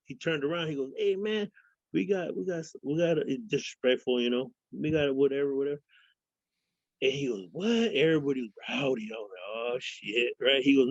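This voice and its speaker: A man's voice: mid-range voice, expressive, moderate pace, no echo. A man from Fresno, a guest in a casual interview, telling rambling profane stories and acting out other people's voices. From Fresno, California. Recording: dull lo-fi sound.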